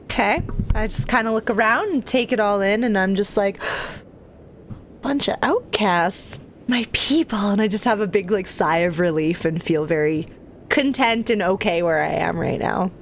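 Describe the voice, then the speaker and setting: A woman's voice: medium pitch, moderate pace, a little hiss or hum. A woman playing a tabletop game, easygoing and giggly. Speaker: player. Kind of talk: casual tabletop play.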